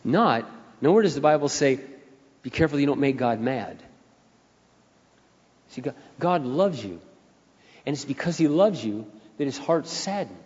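An older man preaching a sermon as pastor, moving from quiet storytelling into loud, rising appeals. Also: medium pitch, animated, moderate pace, pauses often. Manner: emphatic preacher who swings between soft storytelling and loud rising appeals. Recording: dull sound with long hall reverb.

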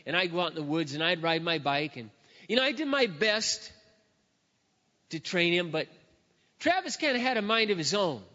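A middle-aged man preaching, telling a story with lively acted-out barks and shouts. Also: high voice, moderate pace, long pauses. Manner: animated storyteller, acts out barking and shouting. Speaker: pastor. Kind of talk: sermon storytelling. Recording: dull sound with long hall reverb.

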